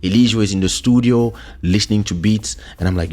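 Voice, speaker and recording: A male show host excitedly telling a personal story into a studio microphone, repeating words and restarting as he goes. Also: lowish voice, fast, few pauses, soft background music. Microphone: studio USB microphone.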